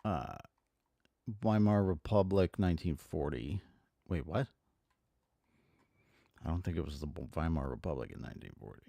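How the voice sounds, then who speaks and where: A man's voice: very deep voice, lively intonation, gravelly, mellow, dry recording, clean studio sound. A man streaming at home, reading a historical text aloud and breaking off into exasperated, profane commentary with many fillers and restarts. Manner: exasperated, profane asides between halting read-aloud passages.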